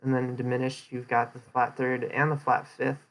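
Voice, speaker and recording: A man's voice: mid-range voice, level tone, normal speed. A young man casually explaining a presentation he gave, rambling with lots of fillers and restarts. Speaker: streamer giving a presentation recap. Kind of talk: casual chat.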